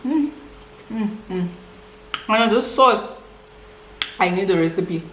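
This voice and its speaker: A young South African woman tells a story in a chatty, animated way, her Xhosa-influenced accent clear as she switches languages. Her voice sits in the middle of the range. The room around her is bare and echoey. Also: mid-range voice, takes it slowly, a little hiss or hum. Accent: South African, Xhosa-speaking. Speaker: vlogger. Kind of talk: casual storytime with eating.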